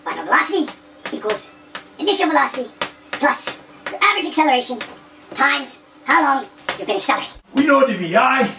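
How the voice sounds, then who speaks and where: A man's voice: very high-pitched, big pitch swings, quick pace, creaky, long pauses, noisy background, voice pushed up, full character voice. A man putting on a German scientist voice to explain physics problems step by step. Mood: lecturing. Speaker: physics teacher.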